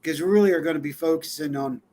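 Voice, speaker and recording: A man's voice: a little high, fast, warm tone, slight background noise. A man co-hosting a live-stream talk show, chatting casually with a loose, laughing, filler-heavy delivery. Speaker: co-host.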